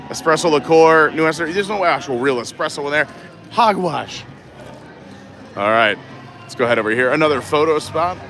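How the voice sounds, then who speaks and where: A man's voice: a little high, quick pace, a bit bright, slight background noise. A man live-streaming a walk through a theme park festival, chatting casually and reading menu boards aloud. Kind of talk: casual walking commentary.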